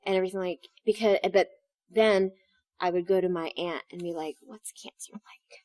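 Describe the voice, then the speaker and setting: A woman's voice: fairly low pitch, brisk, dry recording. Woman chatting in an interview, acts out quotes as she tells stories, dry close mic. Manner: animated storytelling, acts out quotes. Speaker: stage actress, guest. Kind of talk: interview conversation.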